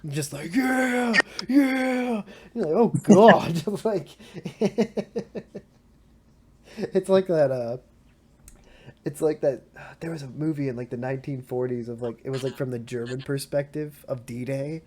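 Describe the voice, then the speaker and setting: A man chatting on a podcast with loud bursts of laughter and plenty of swearing. He keeps slipping into goofy acted-out quotes mid-story. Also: mid-range voice, a little slow, long pauses. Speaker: podcast co-host. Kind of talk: casual chat.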